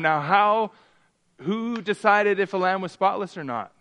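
Halting man teaching scripture. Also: high voice, clean tone. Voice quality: halting, repeats words and restarts often. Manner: acts out quoted voices with rising excitement. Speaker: pastor. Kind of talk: bible study teaching.

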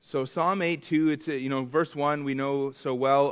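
A man teaching a Bible study, often stumbling and restarting, sometimes acting out quoted voices with rising excitement. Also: mid-range voice, smooth. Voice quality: halting, repeats words and restarts often. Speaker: pastor.

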